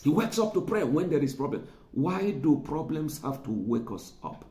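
A man's voice: on the high side, big pitch swings, normal speed, mellow, reverberant. A man preaching a sermon, conversational, repeating words for emphasis and chuckling now and then. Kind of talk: sermon teaching.

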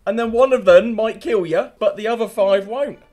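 Male British gamer-host, slightly high pitch, joking and crude banter over light music. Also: normal speed, a little mellow. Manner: bantering, swearing, laughing often. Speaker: game streamer. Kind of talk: casual gameplay commentary.

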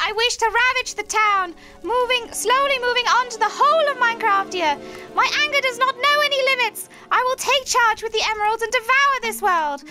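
A woman's voice: very high voice, voice pushed up. A woman voicing a grieving, power-hungry mad male scientist in a theatrical witchy voice. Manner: theatrical witchy cackling delivery.

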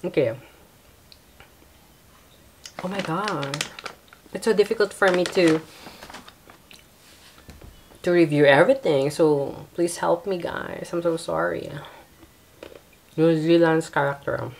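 Slow, low-voiced woman reacting softly. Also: gravelly. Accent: Filipino. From Philippines. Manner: soft-spoken, many hums, apologetic. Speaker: pageant reaction host. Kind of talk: casual reaction commentary.

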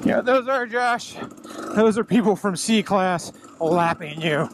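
A man's voice: high-pitched, slow pace. A man talking to himself while riding a dirt bike on a wooded trail, out of breath, profane and self-mocking. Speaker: dirt bike racer vlogging. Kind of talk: casual self-talk commentary while riding. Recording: loud engine noise behind the voice.

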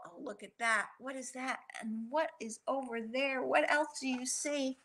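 A woman author reading a picture book aloud to children at storytime, animated and stopping often to ask them questions. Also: sits high, measured pace, hardly any pauses.

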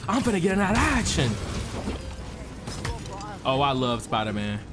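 A man narrating his gameplay, hyped and excitable, his voice swinging all over the place. He trash-talks enemies with slang, and music plays clearly behind him. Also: medium pitch, unhurried. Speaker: gaming streamer. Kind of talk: casual let's-play commentary.

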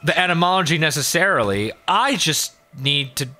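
A man's voice: fairly high pitch, expressive, normal speed, bright, forceful tone. A man hosting a let's play, rambling in casual gameplay commentary and swearing often.

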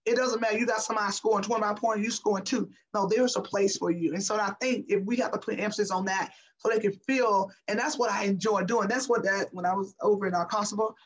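A middle-aged woman who used to play basketball is a guest in a casual interview, speaking with passion and emphasis and repeating herself. Her voice is mid-range, and the recording quality is low.

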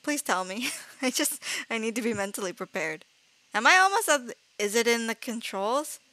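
A woman's voice: on the high side, expressive, moderate pace, bright, forceful tone, dry recording. A woman streaming a horror game live, jumpy and easily frightened. She laughs nervously, shrieks when scared, swears casually and keeps apologizing to her viewers. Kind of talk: live gameplay commentary.

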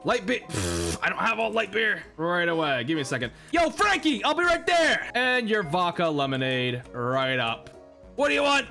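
Gaming host, young man, bright and sharp-toned, playful and loud. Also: high-pitched, wildly swooping pitch, normal speed, faint music behind. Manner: hyped, shouty and jokey, talking to game customers. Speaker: gaming YouTuber. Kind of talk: gameplay commentary.

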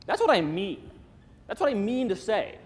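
A man giving a lively, joking conference talk on stage, restarting sentences often. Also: high-pitched, moderate pace. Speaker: conference speaker. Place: large conference hall. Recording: long hall reverb.

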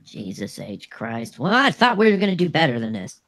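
A man's voice: on the high side, wildly swooping pitch, normal speed, a bit bright, dry recording. A man co-hosting a crude comedy show, brash and mocking, swearing freely. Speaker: co-host.

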